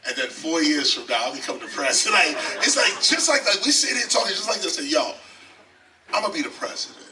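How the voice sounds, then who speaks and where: Older New man as interview guest, bright lively voice, emphatic storyteller, a bit off-mic with faint noise. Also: fairly high pitch, fast talker, few pauses, recorded from a distance. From South Bronx, New York. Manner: emphatic, repeats phrases, often says "okay?". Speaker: interview guest, rapper and teacher. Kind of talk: animated storytelling. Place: library, indoors.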